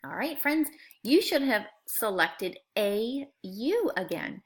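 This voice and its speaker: A woman teaching a phonics lesson to young students, sounding out words slowly and clearly in a friendly, coaxing way. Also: fairly high pitch, sing-song. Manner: slow, clear, exaggerated sound-outs.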